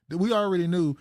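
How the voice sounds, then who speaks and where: A man's voice: high-pitched, darkish tone. A man from Maryland hosting a podcast, giving wry, laughing commentary in casual chat. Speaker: podcast host.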